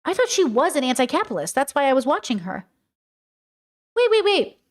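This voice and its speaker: A woman's voice: high-pitched, big pitch swings, quick pace. A woman streamer reacting to a clip, talking casually in a heated, swearing, rhetorical way. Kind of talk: casual live-stream commentary.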